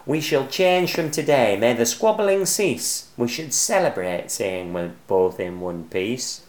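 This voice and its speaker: A man voicing a greedy male squirrel in a storybook reading, with a shrill, shouty manner. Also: very animated, a little slow, reverberant. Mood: cheerful.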